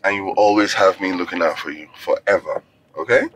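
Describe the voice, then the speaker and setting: An actor playing a widowed father who gently coaxes his young daughter, with a soft, pleading manner. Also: low-pitched, brisk, noisy background, natural voice. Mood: coaxing. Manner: soft, coaxing, pet names. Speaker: single father. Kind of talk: film acting.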